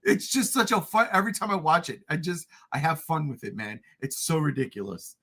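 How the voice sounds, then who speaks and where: A man hosting a casual podcast chat, excitable and profane, often laughing and shouting. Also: a little high, brisk, husky. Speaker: podcast host.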